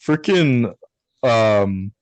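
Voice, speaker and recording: A man's voice: mid-range voice, lively intonation, extremely slow, dry recording, low-quality recording. A young man from Texas, co-hosting a podcast with friends in a loose, rambling chat, laughing easily. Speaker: podcast co-host. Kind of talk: casual chat.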